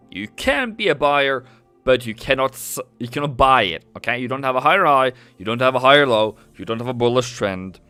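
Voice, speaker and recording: Male streamer, bright forceful voice, chatty and rambling, faint music underneath. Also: medium pitch, smooth, no room sound. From Norway. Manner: rambling and chatty, often self-correcting. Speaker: trading streamer. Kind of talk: live market commentary.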